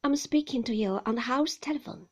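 A woman voicing a cold, hushed housekeeper. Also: natural voice. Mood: cold formal. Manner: low, measured, hushed.

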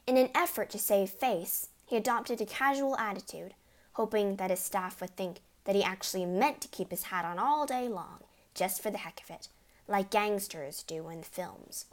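Expressive woman reading a storybook. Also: mid-range voice, moderate pace. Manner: expressive, lively. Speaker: narrator.

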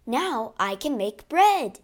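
A woman's voice: medium pitch, expressive, unhurried, lightly acted. Robinson Crusoe, a woman voicing the resourceful castaway. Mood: pleased. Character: shipwrecked male castaway, resourceful and hopeful. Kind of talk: storybook reading.

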